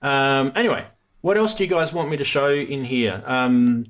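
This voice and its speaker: A man's voice: medium pitch, normal speed. A man hosting a live stream about synth modules, chatting casually and rambling with many restarts. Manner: rambling, self-interrupting, chatty.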